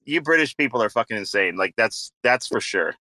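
A man's voice: medium pitch, lively intonation, fairly quick, pushed and bright, dry recording. A man chatting casually in an online audio chat, rambling and profane, full of fillers.

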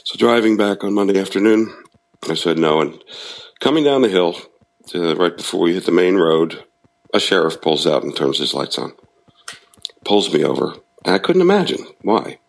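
A man's voice: low-pitched, sing-song, moderate pace, vocal fry, poor audio. A middle-aged man candidly telling a personal recovery story, frank and self-deprecating, laughing at himself now and then. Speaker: guest sharing recovery story.

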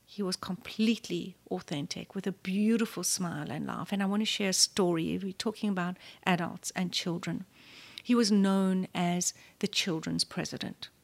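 A South African woman in her fifties, a guest telling a story in an interview. She speaks with animation and acts out the voices in her story. At moments her voice falls to a soft near-whisper. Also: lowish voice, normal speed, creaky.

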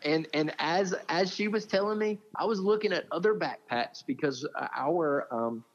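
A man's voice: fairly high pitch, moderate pace, big-room sound. A man, a ministry leader telling stories as an interview guest, heartfelt and earnest, often calling the listener "man". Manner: heartfelt, speaks with feeling, says "man" often. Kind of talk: earnest conversational storytelling. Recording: dull lo-fi audio.

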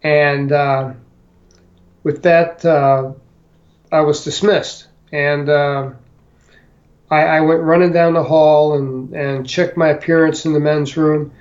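Older male guest, slow halting storyteller, slightly high voice, dull lo-fi sound. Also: level tone, darkish tone. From St. Louis, Missouri. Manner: halting, many fillers and restarts. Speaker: interview guest. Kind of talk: storytelling interview.

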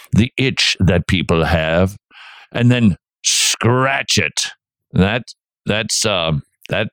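A man hosting a radio show, preaching in an animated way and acting out quotes in little voices. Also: on the low side, dry recording. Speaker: radio host.

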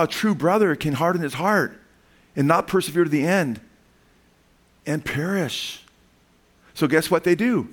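A male pastor preaching a sermon in a voice pitched somewhat high for a man. He reads scripture aloud, prompts the congregation with call-and-response questions, and breaks into animated asides. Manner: call-and-response, asking the congregation "amen?" and "what?".

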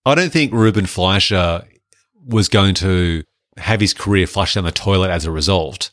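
A man's voice: low voice, moderate pace, no echo, studio quality. A man co-hosting a podcast, chatting casually and jokily about films. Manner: chatty, animated, jokey. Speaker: podcast co-host. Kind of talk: casual film review chat.

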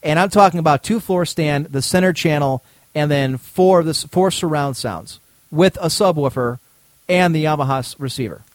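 Podcast co-host, male, lively raconteur who plays out the dialogue himself, voice sits a bit high, dry recording. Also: moderate pace, no echo. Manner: animated, acts out both sides of dialogue, swears freely. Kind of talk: casual storytelling chat.

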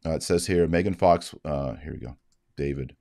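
Low-voiced man giving earnest moral commentary. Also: gravelly, warm tone, dry recording, clean studio sound. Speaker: Catholic commentator. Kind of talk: livestream commentary.

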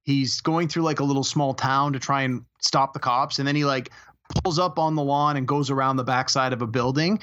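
A man co-hosting a casual movie podcast, retelling scenes at length in a relaxed way. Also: mid-range voice, brisk, highs cut off, slight background noise. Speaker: podcast co-host.

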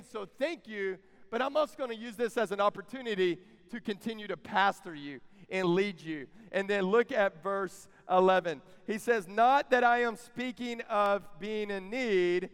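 Male preacher, high clear voice, big reverberant hall, leads call-and-response. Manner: call-and-response with audience, building to shouts. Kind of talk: sermon.

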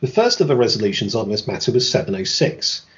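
A man delivers scripted history narration in a lively, swooping voice, peppering it with dry, sarcastic remarks. The recording sounds muffled and lo-fi. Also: lowish voice, fast talker. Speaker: podcast host.

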